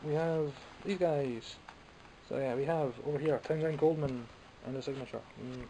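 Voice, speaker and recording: A man's voice: fairly high pitch, moderate pace, dark tone, slight background noise, rough recording. Rambling Scottish man showing toys. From Scotland. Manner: chatty, rambling, self-mocking. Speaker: toy collector vlogger. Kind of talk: casual show-and-tell vlog.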